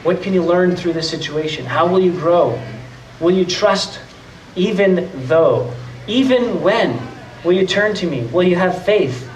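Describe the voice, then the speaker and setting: A man with a voice that sits high preaches a little slowly, keeping his sermon conversational and often playing the part of doubters. The sound carries a roomy echo, a distant-mic quality, and a slight hiss or hum from the church hall.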